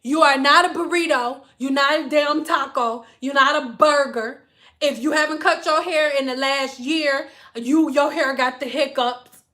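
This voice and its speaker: A woman hairstylist tells stories on a casual livestream in a blunt, profane, animated way. Her voice sits high and sounds bright and sharp. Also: measured pace.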